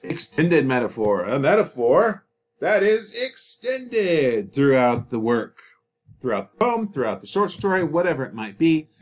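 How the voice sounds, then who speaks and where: A man's voice: a little high, very animated, measured pace. A man teaching a recorded lesson over slides, in a casual, chatty way with fillers and joking asides.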